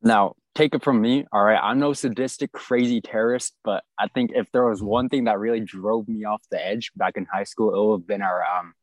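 Young man, casual storytelling, animated and jokey, dry close sound. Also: on the low side, fairly quick, few pauses, no room sound. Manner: animated, exaggerated storytelling with comic asides. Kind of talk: casual storytelling podcast chat.

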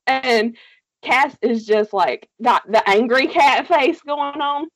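Animated, swearing woman, higher voice. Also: normal speed, no room sound. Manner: animated storytelling, swears freely, laughs often. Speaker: podcast co-host. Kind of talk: casual chat recapping a TV series.

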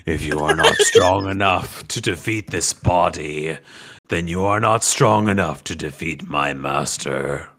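A man's voice: deep voice, heavy background noise, pitched below the performer's own voice. A man voicing a menacing male ghost that possesses a body and guards a cursed sickle, speaking in solemn, threatening pronouncements. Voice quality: gravelly, slow and looming. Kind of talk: game master voicing a creature.

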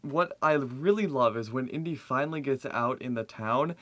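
An agreeable man co-hosts a podcast in relaxed conversation, quick to chuckle. His mid-pitched voice is recorded dry and close, with no room sound. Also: dry recording. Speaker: podcast co-host. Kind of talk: casual chat.

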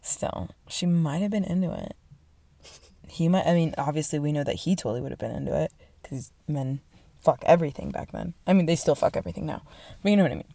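A woman's voice: low voice, quick pace, vocal fry, warm tone, no room sound. A woman podcast host telling a story in casual, slangy and profane chat. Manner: slangy, profane, lots of fillers.

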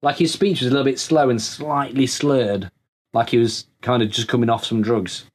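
A man's voice: mid-range voice, fairly even intonation, moderate pace. A man co-hosting a casual chat, musing aloud and tagging questions onto his points. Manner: chatty, musing, tag questions. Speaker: podcast co-host.

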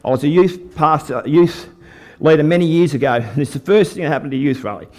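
A man's voice: a little high, fast. An older Australian man telling a folksy faith story as a preacher to a live church audience. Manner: folksy storytelling, lively with the crowd. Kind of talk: testimony sermon.

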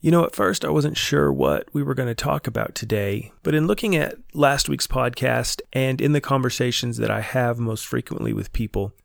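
A man hosts a solo podcast in a measured, earnest, reflective manner. His voice has a gravelly, fry-touched texture and sounds a little stuffy from a stomach bug. The sound is dry and close, with no room echo. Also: mid-range voice. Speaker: podcast host and counselor.

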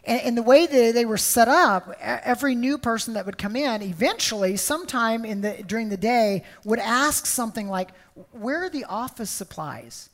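A woman's voice: a little high, moderate pace, hardly any pauses. A woman preaching a sermon, emphatic and storytelling, often repeating words.

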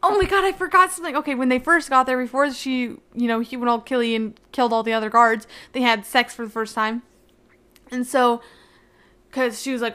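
A woman's voice: fairly high pitch, fairly even intonation, moderate pace, pushed and bright. A young woman hosting her own podcast, recapping a book in a rambling, gushing way full of "like.". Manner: rambling, gushing, heavy use of "like". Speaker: podcast host.

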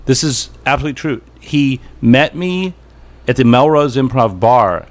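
A man's voice: medium pitch, normal speed. A middle-aged man, a comedy writer guest, telling wry anecdotes in a casual podcast chat. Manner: wry, anecdotal, quotes people in voices.

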